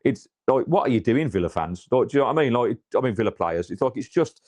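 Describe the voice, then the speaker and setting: A man's voice: medium pitch, expressive, fast, a little mellow, dry recording. A man from England, chatting casually about his football club in a rambling way full of restarts and fillers. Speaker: podcast co-host. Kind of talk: casual football fan chat.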